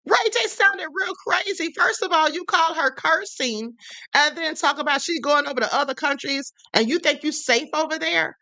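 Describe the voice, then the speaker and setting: Woman host, high bright voice, sassy emphatic commentary, dry close sound. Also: normal speed, dry recording. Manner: sassy, emphatic, calls viewers honey. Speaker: livestream host. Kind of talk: casual commentary livestream.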